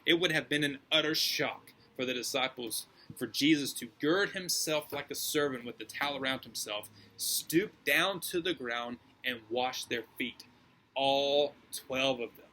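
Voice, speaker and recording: A man's voice: medium pitch, unhurried, pushed and bright, poor audio. A male pastor preaching a sermon in a casual, slangy and emphatic way.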